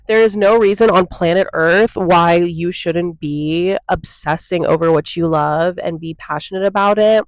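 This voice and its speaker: A woman's voice: lowish voice, unhurried, hardly any pauses, no room sound, rough recording. A young woman ranting bluntly into her phone for a casual opinion vlog, peppering her talk with "like" and "okay?". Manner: blunt and exasperated, lots of "like" and "okay?". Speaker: vlogger. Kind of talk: casual opinion rant to camera.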